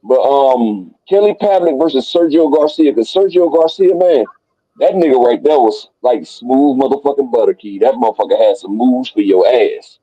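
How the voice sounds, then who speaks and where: A man hosting a casual boxing talk stream, profane and excitable as he rattles off dream fights. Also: mid-range voice, moderate pace, slightly rough, no echo, dull audio. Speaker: boxing talk show host. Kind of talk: casual live stream banter.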